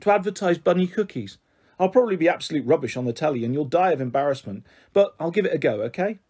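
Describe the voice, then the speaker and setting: A man's voice: fairly high pitch, animated, quick pace, a little mellow, breathy edge. A man reading the part of a shy, anxious young schoolgirl in an audiobook, with a worried, self-doubting manner. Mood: earnest. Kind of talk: audiobook character voice.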